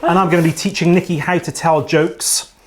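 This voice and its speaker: A man hosting a silly comedy show, playful and quick to laugh. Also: fairly high pitch, steady tone, slight background noise. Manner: playful, giggly, bursts into loud laughter.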